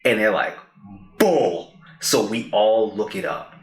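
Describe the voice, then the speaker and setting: A man's voice: fairly low pitch, normal speed. A man co-hosting a podcast, telling a personal story casually and animatedly acting out what people said. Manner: animated storyteller who acts out quoted lines. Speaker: podcast co-host. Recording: roomy echo.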